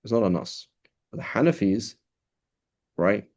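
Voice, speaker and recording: A man gives a classroom lecture in a loose, conversational way. He often trips into restarts and keeps checking with "right?", dropping Arabic terms into his English. His voice sits a little low. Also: expressive, unhurried, darkish tone. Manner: switches between English and quoted Arabic terms. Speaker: teacher.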